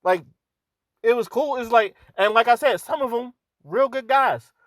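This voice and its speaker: A man's voice: very high-pitched, moderate pace, dry recording. A young man talking in a casual, profane, rambling opinion monologue to his camera. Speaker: vlogger.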